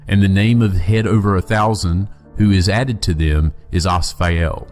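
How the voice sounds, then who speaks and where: A man reading an ancient scripture aloud in a slow, solemn and measured way. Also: sits low, fairly even intonation, darkish tone. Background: faint music.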